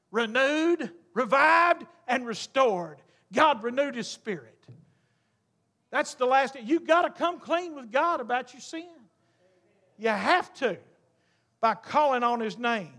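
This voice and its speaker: A man preaching a sermon, telling a story with humor and rising to fervent, shouted appeals. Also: very high voice.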